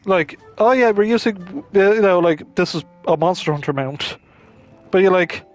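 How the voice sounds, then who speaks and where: A man's voice: high voice, normal speed, faint music behind. A man streaming a game, chatting loosely about it with lots of fillers. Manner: rambling, filler-heavy chat. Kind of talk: casual gameplay commentary.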